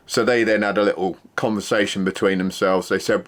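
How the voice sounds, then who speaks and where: A man's voice: on the low side, brisk, few pauses. A man, a former security worker, casually telling a true story and acting out the exchanges in it. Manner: animated retelling, acting out quoted exchanges.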